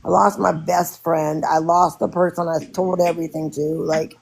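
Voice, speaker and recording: A woman talking casually in a live stream, telling her story in halting bursts with many restarts. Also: fairly low pitch, little pitch movement, creaky, darkish tone, husky. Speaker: podcast host and widow.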